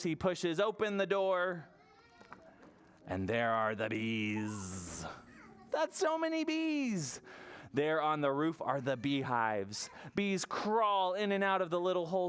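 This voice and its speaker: A children's librarian reading a picture book aloud to preschoolers, asking the kids questions along the way. The voice swings widely in pitch and moves at an unhurried pace. The tone is smooth and clear. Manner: animated and expressive, asks the children questions.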